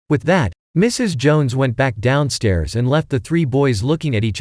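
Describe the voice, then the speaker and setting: A man narrating a children's mystery novel in a brisk, animated audiobook style. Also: mid-range voice, no room sound, clean studio sound.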